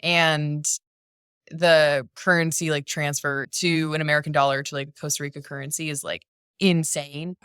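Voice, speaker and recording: A young woman chatting as a podcast guest, bubbly and quick to laugh, with lots of "like" in her talk. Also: low-pitched, level tone, fairly bright tone, clear, resonant tone, no echo, clean studio sound. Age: young adult. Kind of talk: casual chat.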